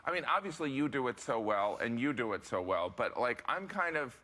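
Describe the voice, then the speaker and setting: A middle-aged man, a comedian guest on a talk show, joking in a deadpan, self-deprecating way. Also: mid-range voice, brisk.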